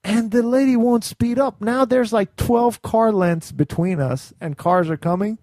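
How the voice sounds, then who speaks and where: A young man with a gravelly, fairly high voice tells a story in casual podcast chat. His tone is mellow rather than bright, and he acts out quotes in a sudden raised voice. The mic is close and dry. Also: measured pace, no echo. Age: young adult. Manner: animated, acts out quotes in a raised voice, laughs often. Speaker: podcast co-host.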